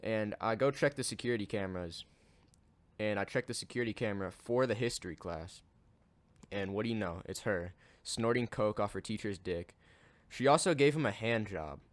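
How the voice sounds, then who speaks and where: Deadpan young man telling a story. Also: on the low side, dry recording. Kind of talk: casual storytime monologue.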